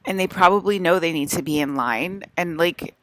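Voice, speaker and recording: A woman's voice: on the low side, moderate pace, a bit bright, dry recording. A young woman vlogger in a rambling monologue to camera, scolding and exasperated, repeating herself with lots of fillers.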